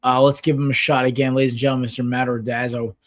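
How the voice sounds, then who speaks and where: A man's voice: mid-range voice, quick pace. Rambling casual sports podcast host man. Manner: rambling, filler-heavy, excitable.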